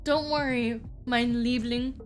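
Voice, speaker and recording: A woman voicing a flirty male vampire with a put-on German accent in a visual novel, dropping her voice lower and breaking into laughter. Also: fairly even intonation, slow pace, soft background music. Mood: flirtatious. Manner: breaking into laughter mid-line.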